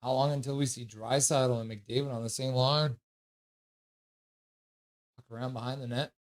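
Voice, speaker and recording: A man calling live hockey play-by-play from his stream in a casual way, with quick calls and offhand jokes. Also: mid-range voice, steady tone.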